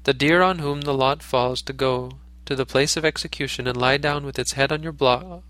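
A man voicing a noble, selfless male deer king in a storybook reading, speaking in a calm, gentle, pleading way. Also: mid-range voice, normal speed, close to an everyday voice.

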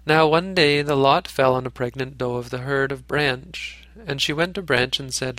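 A man reading an old fable aloud as narrator, measured, now and then correcting a slip. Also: medium pitch, fairly bright tone, dry recording. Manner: measured, occasional self-corrections. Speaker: storyteller.

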